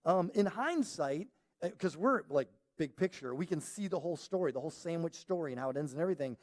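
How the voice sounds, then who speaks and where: A man's voice: fairly high pitch, lively intonation, fast. A male pastor preaching a conversational sermon, acting out quoted voices as he goes. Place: church auditorium.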